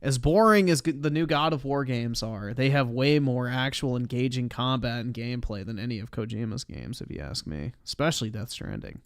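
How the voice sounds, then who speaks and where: A man's voice: medium pitch, fairly quick, few pauses, no echo, clean studio sound. A man streaming live, reacting to a video in a sarcastic, profane, exasperated way.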